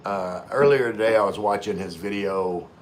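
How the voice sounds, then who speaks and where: A man's voice: lowish voice, moderate pace, slight background noise. A man hosting a casual livestream, reading viewer comments aloud and chatting back in an easygoing way, often repeating words and restarting. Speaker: livestream host.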